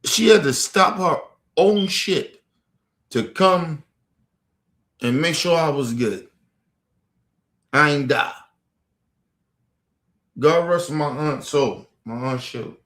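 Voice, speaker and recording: A man's voice: a little high, slow pace, long pauses, fairly bright tone. A man hosting a live stream, telling a personal story to his viewers in a blunt, profane, rambling way. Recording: echoey room.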